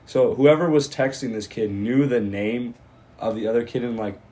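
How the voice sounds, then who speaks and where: Mellow-voiced teenage guy telling a story. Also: mid-range voice, normal speed. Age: teens. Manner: relaxed storyteller, many fillers. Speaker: guest. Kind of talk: casual chat.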